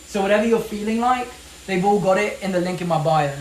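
Young British male streamer, high-pitched and upbeat, echoey room, faint room noise. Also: fast talker. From England. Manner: chatty, upbeat, reads out and answers viewer comments. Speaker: livestream host. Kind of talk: casual live-stream product showcase.

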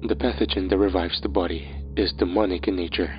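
A man voicing the Horseman of Death, a calm and knowing male figure, speaking in a hushed, level way. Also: deep voice, fairly quick, dull audio, faint music behind, natural voice.

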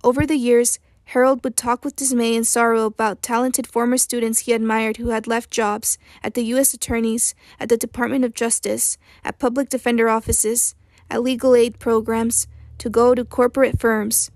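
A woman narrating an audiobook in a steady, measured reading. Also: fairly high pitch, no room sound, clean studio sound. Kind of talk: scripted narration.

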